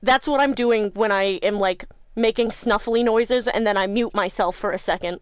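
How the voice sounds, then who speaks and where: A woman's voice: mid-range voice, moderate pace, clear, resonant tone, no echo. A woman streamer chatting loosely with her live viewers from home, her voice stuffy and congested, swearing freely and laughing often. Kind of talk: casual chat with live viewers. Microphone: new desk mic.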